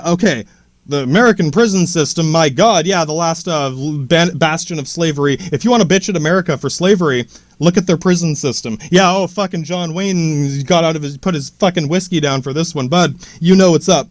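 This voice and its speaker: A man's voice: fairly high pitch, fairly quick, dry recording. A man hosting a podcast, ranting in a rambling, profane way with many false starts. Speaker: podcast host.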